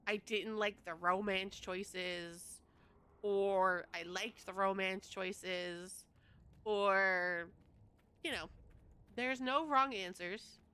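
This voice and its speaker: A young woman hosting a casual livestream who talks straight to her chat in a chatty, easygoing way. Her voice is bright and smooth, and she speaks at an unhurried pace. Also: medium pitch, steady tone. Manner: chatty, addresses chat directly. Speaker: livestream host.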